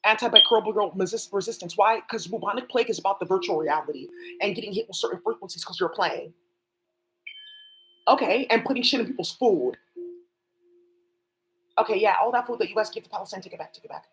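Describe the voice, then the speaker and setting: A woman's voice: mid-range voice, fairly quick, pauses often, fairly bright tone, rough recording. Rambling, profane woman streamer. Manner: profane, rambling, jumps between topics. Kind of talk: rambling solo livestream talk.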